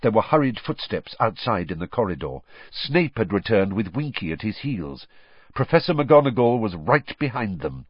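A man reading a story aloud as narrator, with lively storytelling and character voices, on a dull, dry recording. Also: fairly low pitch, moderate pace, husky, dry recording. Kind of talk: audiobook narration.

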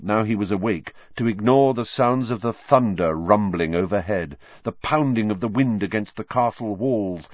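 A man narrating a novel as an audiobook in an expressive storytelling way. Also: on the low side, dry recording, dull audio. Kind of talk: scripted narration.

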